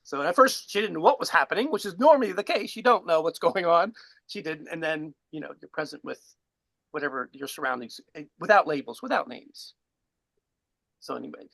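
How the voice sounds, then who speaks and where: A man's voice: a little high, a little fast, creaky, no echo, rough recording. A man on a video call giving a casual spiritual teaching, rambling and chuckling as he tells a story. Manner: relaxed, rambling, chuckles while telling. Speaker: guest speaker.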